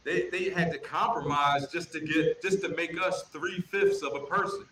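A man's voice: fairly high pitch, fairly even intonation, normal speed, pushed and bright, low-quality recording. A man in a casual debate who presses his point insistently and often repeats words.

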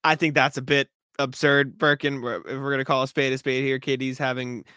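A man co-hosting a podcast in casual sports chat, rambling with restarts and clearing his throat, hiccuping. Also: mid-range voice, level tone, fairly quick, bright, forceful tone, dry recording, clean studio sound. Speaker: podcast co-host.

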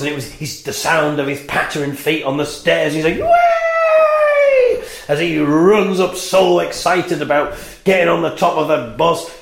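A man's voice: on the high side, creaky. A man hosting his own podcast, telling a rambling story with wry, self-mocking humour. He records in a small toilet at a music venue. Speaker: podcast host and band member. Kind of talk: casual storytelling monologue. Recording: echoey small toilet room.

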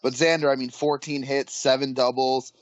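A man's voice: medium pitch, flat delivery, normal speed, no room sound, muffled recording. Casual man rattling off baseball stats. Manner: rattles off stats with filler restarts. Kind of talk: casual sports chat.

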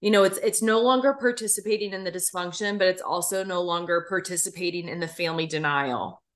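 A woman's voice: on the low side, quick pace. A woman hosting a podcast interview, casual and blunt, swearing freely. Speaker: podcast host.

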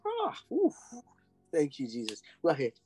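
A man's voice: a little high, wildly swooping pitch, moderate pace, mellow, slightly rough, soft background music, rough recording. A man preaching a charismatic sermon, exclaiming ecstatically and breaking into tongues.

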